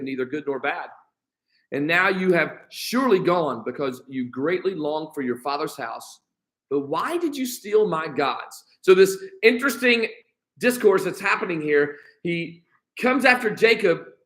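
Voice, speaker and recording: High-voiced American pastor teaching scripture. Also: male voice, fairly bright tone, rough recording. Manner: reads scripture aloud and paraphrases it in casual modern speech. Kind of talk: Bible study teaching. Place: church.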